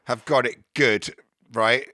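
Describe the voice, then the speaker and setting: A man's voice: medium pitch, steady tone, slow, bright, forceful tone, no echo, studio quality. A man telling a rambling story in casual podcast chat, full of swearing and laughter, playing out both sides of a conversation. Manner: swears a lot, laughs often, acts out both sides of chats. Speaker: podcast guest.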